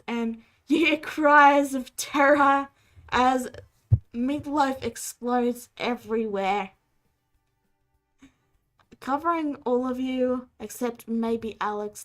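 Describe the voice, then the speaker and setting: A woman narrating as game master of a tabletop game, voicing the characters. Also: on the high side. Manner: voices many characters.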